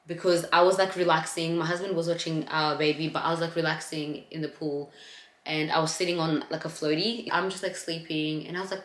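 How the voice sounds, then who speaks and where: A woman's voice: fairly low pitch, fairly bright tone. A young woman vlogging about her postpartum experience in a candid, chatty way, talking straight to her viewers. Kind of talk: casual chat to camera. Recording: echoey room.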